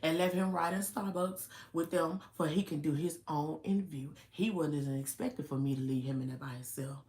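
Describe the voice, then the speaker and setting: A middle-aged woman telling a story to her viewers in an animated, chatty way, calling them "y'all" and "honey". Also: low voice, fairly quick, reverberant. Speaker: vlogger. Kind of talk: casual storytelling to camera.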